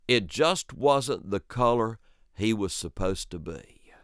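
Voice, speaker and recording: Male storyteller, lively pitch, slow delivery, smooth clear voice, dry studio sound. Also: no echo. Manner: lively, dramatic pauses and sudden pitch jumps. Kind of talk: told personal story.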